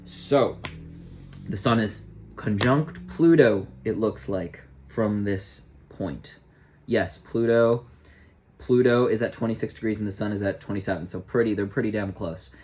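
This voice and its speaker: A man's voice: fairly low pitch, unhurried, darkish tone, slight background noise. A young man, an astrologer, chatting casually on a live stream, rambling and joking to himself as he reads a chart. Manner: rambling, self-talking, jokey.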